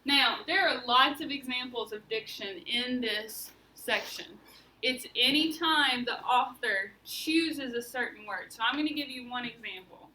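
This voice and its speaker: High, bright woman teacher in a roomy classroom. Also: measured pace. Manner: questioning, guiding students step by step. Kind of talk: classroom lesson. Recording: roomy, mic at a distance, faint room noise.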